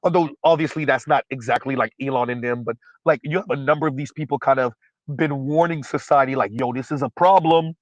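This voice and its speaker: A man's voice: mid-range voice, fairly even intonation, fast, dry recording, poor audio. Blunt, emphatic male livestream host. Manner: blunt, emphatic, repeats points; frequent um fillers while recalling names. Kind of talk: casual livestream commentary.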